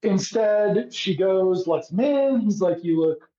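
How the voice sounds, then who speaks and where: A man's voice: high-pitched, lively intonation, slow pace, warm tone. A man co-hosting a podcast, recapping a show in casual comedic chat with sarcastic, profane riffing. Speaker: podcast co-host. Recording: echoey, dull lo-fi room sound.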